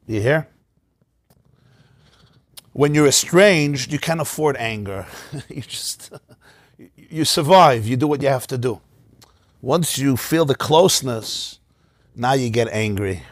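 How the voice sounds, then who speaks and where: A man's voice: medium pitch, lively intonation, slow pace, long pauses. A man, a rabbi, teaching a Torah class in a study hall, talking passionately and animatedly and often laughing mid-sentence.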